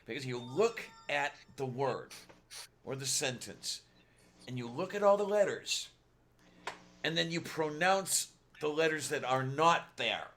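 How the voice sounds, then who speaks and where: A man's voice: a little high, animated, unhurried, fairly bright tone, slight background noise. A man in a casual group chat, wry, with dry humor.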